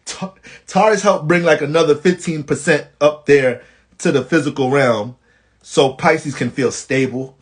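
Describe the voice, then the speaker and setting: A man from the Bronx with a New York accent, talking astrology in a casual vlog, full of swearing and animated stories. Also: fairly high pitch, measured pace. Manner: profane, animated storytelling.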